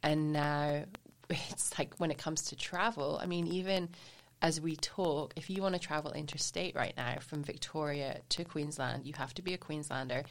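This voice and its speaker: Low gravelly-voiced woman podcaster. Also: normal speed. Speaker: podcast co-host. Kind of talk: casual chat.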